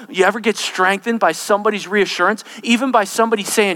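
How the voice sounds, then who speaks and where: Bright-voiced man preaching a dramatic sermon. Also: sits high, fairly even intonation, brisk, hardly any pauses. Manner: dramatic, swings from loud to hushed.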